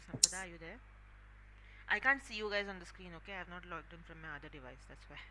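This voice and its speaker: Woman teaching english online, talks fast, keeps saying okay, faint background noise. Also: lowish voice, sharp tone, rough recording. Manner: explanatory, frequent checks with "okay". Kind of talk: online class lecture.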